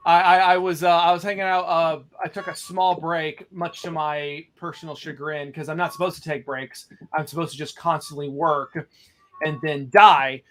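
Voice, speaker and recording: A man's voice: a little high, flat delivery, moderate pace, fairly bright tone, soft background music. A man chatting casually on a livestream about his comic art, rambling and joking at himself. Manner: rambling, self-mocking, trailing off. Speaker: comic artist.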